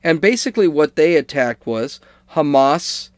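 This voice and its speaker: A man's voice: a little high, expressive, unhurried, no room sound. A man giving casual spoken commentary on current events, conversational, checking in with listeners with "okay?" and correcting himself as he goes. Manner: conversational, fillers and restarts, asks "okay?" to listeners. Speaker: political commentator.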